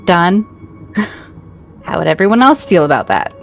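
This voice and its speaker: A woman plays a tabletop roleplaying game and speaks bluntly. Her voice is slightly low. Music plays faintly behind her. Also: very animated, unhurried. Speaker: player. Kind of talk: casual tabletop play.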